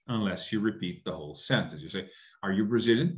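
A man's voice: on the low side, fast talker. Chatty man teaching an English lesson. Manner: chatty, coaxing, has students repeat words. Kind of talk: recorded online lesson. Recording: dull lo-fi audio.

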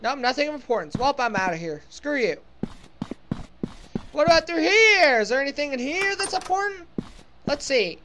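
A woman's voice: sits high, noisy background. A woman giving casual, sarcastic commentary while playing a horror game, joking and talking back to the game. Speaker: let's play gamer.

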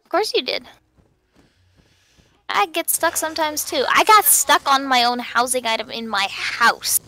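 A woman's voice: high voice, animated, unhurried, pushed and bright, slight background noise. A woman chatting casually and teasing her partner while they play an online game together at home. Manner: playful, teasing banter. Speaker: gamer co-playing online game. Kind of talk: casual gameplay chat.

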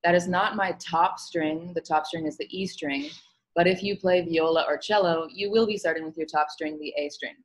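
A woman music teacher giving an online lesson, explaining calmly with frequent "um" fillers. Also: on the low side, moderate pace, rough recording. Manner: relaxed explaining with many fillers.

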